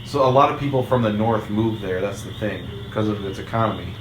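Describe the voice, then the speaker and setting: Rambling low-voiced man, roomy noisy recording. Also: fairly quick. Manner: rambling, many fillers and restarts. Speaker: let's play host. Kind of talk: casual chat over gameplay. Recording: roomy room with steady background noise.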